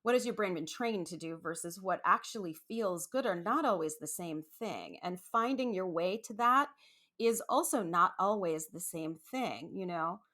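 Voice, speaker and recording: A woman's voice: on the low side, moderate pace. Chatty woman rambling on a podcast. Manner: rambling, animated, many asides and restarts. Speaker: podcast host. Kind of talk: casual solo podcast monologue.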